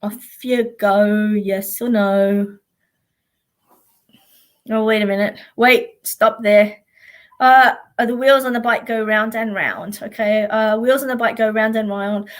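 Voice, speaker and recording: A woman's voice: mid-range voice, fairly even intonation, slow. An Australian woman, a psychic, chatting casually on a live stream in a blunt, sweary way and often laughing.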